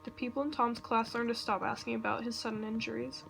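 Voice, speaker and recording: A woman reads a fan story aloud with nervous, halting delivery. Her voice sits slightly high with a gravelly fry. The home recording is noisy, with computer clicks in the background. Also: flat delivery. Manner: nervous, self-interrupting reading with asides. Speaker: reader. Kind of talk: reading fan fiction aloud.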